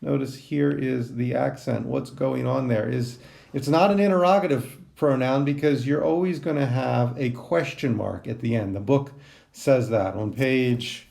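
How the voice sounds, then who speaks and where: A man's voice: medium pitch, unhurried, creaky, a little mellow. A man teaching a Greek translation lesson, thinking aloud with many ums and restarts. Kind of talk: recorded class lecture.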